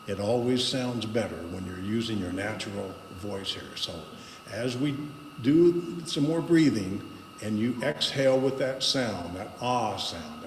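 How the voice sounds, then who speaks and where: A man speaking to a congregation as a guest speaker, guiding a voice exercise with slow, paused instructions. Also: on the low side. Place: spiritual center meeting hall. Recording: echoey hall with long reverb and background noise.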